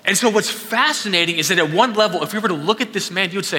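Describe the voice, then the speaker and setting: A man's voice: sits high, animated, fast, hardly any pauses, pushed and bright. A pastor delivering a conversational sermon, acting out quotes as he goes. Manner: conversational preaching with acted quotes. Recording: echoey hall.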